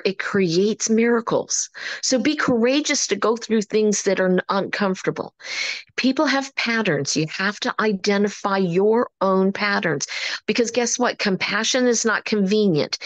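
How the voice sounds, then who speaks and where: A woman coaching a group in an upbeat, preachy way, acting out the people she quotes. Her voice sits at an ordinary pitch and the recording is dry and close. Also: dry recording. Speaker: motivational coach. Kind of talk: motivational talk. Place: online meeting.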